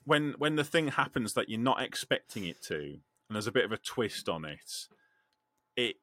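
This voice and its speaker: A man's voice: mid-range voice, normal speed, no room sound. A man hosting a podcast, swearing casually and restarting his sentences as he tells stories. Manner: animated, swears, restarts a lot when telling stories. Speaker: podcast host. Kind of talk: casual chat.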